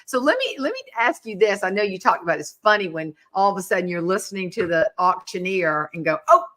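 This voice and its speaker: Woman, interview host, chatty, stumbles over words, bright voice. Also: fairly low pitch, very animated, quick pace. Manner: chatty, repeats words as she asks. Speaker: podcast host. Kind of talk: casual interview chat.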